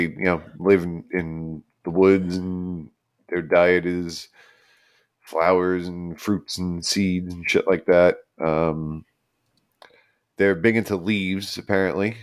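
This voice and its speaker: A man co-hosting a casual podcast, explaining animal facts in a laid-back, loose way. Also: sits low. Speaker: podcast co-host. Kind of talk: casual chat.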